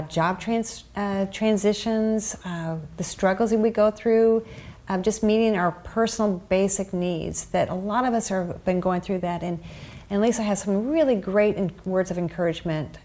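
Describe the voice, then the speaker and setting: A woman hosting a faith podcast, speaking in an encouraging, affirming way and halting now and then. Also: mid-range voice, dark tone. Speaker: podcast host. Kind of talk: casual faith conversation.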